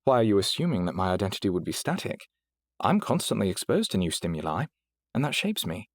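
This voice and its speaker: A man with a low voice performs a refined, polite female AI companion for an audiobook, using a British accent and precise, proper diction. His delivery is very animated, exaggerated and fairly quick, courteous and poised, in a dry recording.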